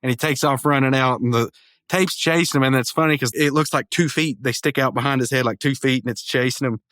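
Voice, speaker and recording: A man's voice: medium pitch, a bit bright, no echo. Eager man recapping a cartoon, dry mic. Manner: enthusiastic retelling with quick character impressions; stammering restarts. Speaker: podcast host. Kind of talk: casual episode review.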